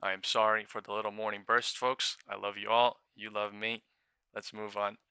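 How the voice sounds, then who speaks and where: Bright, crisp, excitable male trading streamer. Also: lowish voice, normal speed, no room sound, studio quality. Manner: swears a lot, bursts into shouting and laughter. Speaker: day-trading livestream host. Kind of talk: excited live trading commentary. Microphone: new studio mic.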